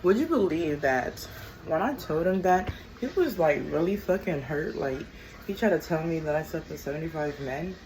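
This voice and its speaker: A low-pitched woman spills a storytime rant, blunt and sassy. Her delivery is drawn-out and expressive. A clear hum of background noise runs under her voice. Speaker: vlogger.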